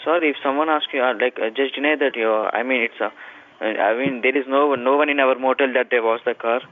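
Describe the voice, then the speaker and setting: A man working a motel front desk, answering the phone in a halting, politely puzzled way. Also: medium pitch, steady tone. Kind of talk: phone call. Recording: tinny phone line with faint noise.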